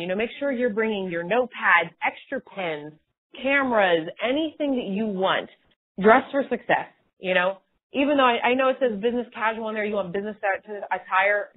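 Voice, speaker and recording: Energetic woman on a tinny phone call. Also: mid-range voice. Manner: energetic, rambling, casual. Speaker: sales team trainer. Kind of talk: motivational training call.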